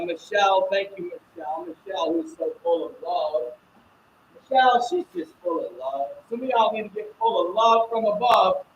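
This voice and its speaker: An energetic American man with a high voice hosts a live stream, calling out viewers by name and breaking into preacher-like exclamations. He sounds like he is in an echoey room with a faint hiss of noise. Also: highs cut off. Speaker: host of a live-streamed Christian show.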